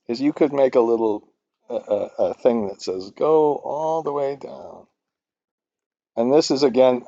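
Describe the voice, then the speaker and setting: A man's voice: medium pitch, mellow, no echo, lo-fi sound. A man teaching finance modelling in a screen-recorded spreadsheet tutorial, rambling and self-deprecating as he thinks aloud. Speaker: finance instructor.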